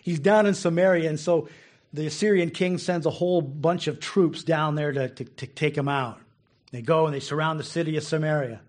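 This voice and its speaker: A man's voice: fairly high pitch, moderate pace. A man preaching a casual, conversational sermon who laughs often and repeats words as he goes. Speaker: pastor.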